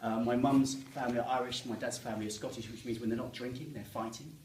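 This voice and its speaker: Chatty and self-deprecating, an English comedian from the Medway Towns in Kent jokes with a live audience in a comedy room. He speaks quickly in a mid-range voice with fairly even intonation; the recording is roomy, with a distant mic and a noisy background.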